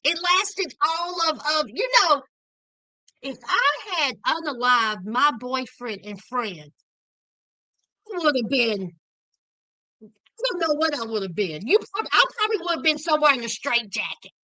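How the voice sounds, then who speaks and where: A woman hosts her own casual commentary show in a high, bright voice that swings widely in pitch. She speaks unhurriedly and with heavy emphasis, breaking now and then into outraged shouting. The sound is dry and close, with no room around it. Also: big pitch swings, a little slow, dry recording, rough recording.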